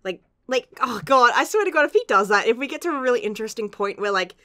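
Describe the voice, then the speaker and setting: A woman's voice: on the high side, lively intonation, fast, sharp tone, dry recording, clean studio sound. A young woman gushing through a casual manga chapter review, laughing often and swearing casually.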